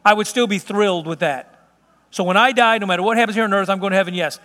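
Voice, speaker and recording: A man's voice: high-pitched, fast, pushed and bright, big-room sound. A man pastor preaching a sermon in an earnest, conversational way, telling vivid stories from everyday life.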